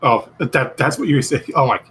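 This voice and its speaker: A man's voice: medium pitch, fairly quick, a bit bright, slight background noise, rough recording. A man chatting casually on a stream, meandering with many fillers and losing his train of thought. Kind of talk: casual chat.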